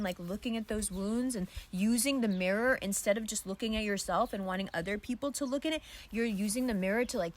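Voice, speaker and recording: A woman's voice: medium pitch, a bit bright. A woman giving a casual, candid astrology card reading outdoors, talking loosely with plenty of fillers and the odd swear word.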